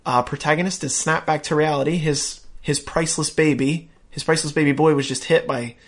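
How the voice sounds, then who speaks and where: Animated man recapping a show. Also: on the high side, brisk. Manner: animated, acts out characters' lines in raised voices. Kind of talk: casual chat recapping a show.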